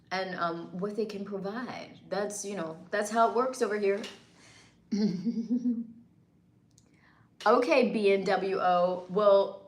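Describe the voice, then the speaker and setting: An echoey room carries the medium-pitched voice of a woman from the northeastern United States who is hosting a livestream. Chatting over viewer comments, she keeps things playful and teasing, with plenty of laughter.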